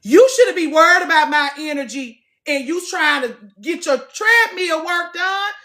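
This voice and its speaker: A woman in her late thirties, chatting casually to her viewers from the gym. She talks in an animated way, swings between loud and soft, and swears freely. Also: extremely high pitch, unhurried. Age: late 30s. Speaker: vlogger. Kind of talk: casual chat to camera.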